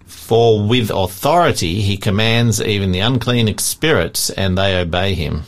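A man co-hosting a Christian radio show, reading scripture aloud in a steady, measured way. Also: lowish voice. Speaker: radio co-host.

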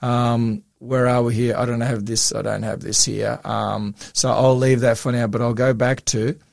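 Gravelly, hoarse man co-hosting. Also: medium pitch, level tone, moderate pace, no echo, studio quality. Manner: earnest, emphatic, with fillers and restarts. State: hoarse, voice coming back after losing it. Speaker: co-host. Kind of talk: casual religious discussion.

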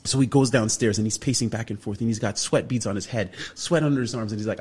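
Husky man telling an animated story. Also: fairly low pitch, fast. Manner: animated storyteller, acts out other people's lines. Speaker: radio show guest. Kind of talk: storytelling in a radio interview.

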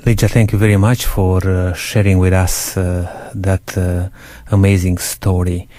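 A male radio host with a very low, dark voice who speaks slowly. He pauses often and fills the gaps with hesitations while thanking a guest, and the sound is dry. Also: level tone, no echo. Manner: halting, with many fillers.

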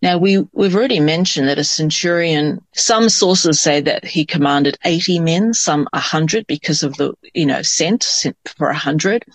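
A man's voice: fairly high pitch, moderate pace, few pauses, no echo. A man in a Bible study discussion, reading scripture aloud and then commenting on it thoughtfully.

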